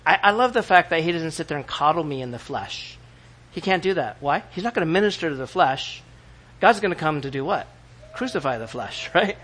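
A man preaching to his congregation, lively and animated, often turning to them with questions. His voice sits a little high for a man. He acts out the people he quotes in his own voice. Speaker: pastor. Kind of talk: sermon.

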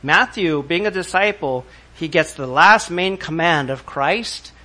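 A man's voice: a little high, lively intonation, measured pace, bright, forceful tone. A man preaching a sermon, emphatic and asking his congregation rhetorical questions. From not from the country where he preaches. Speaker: pastor.

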